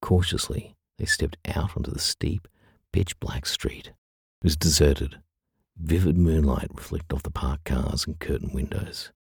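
Very deep, gravelly male narrator. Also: measured pace, no room sound, clean studio sound. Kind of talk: audiobook narration.

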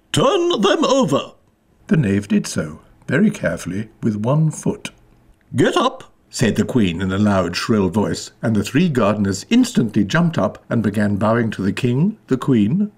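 A man's voice: on the low side, darkish tone, breathy edge. A man narrating a children's story expressively. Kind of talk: scripted narration.

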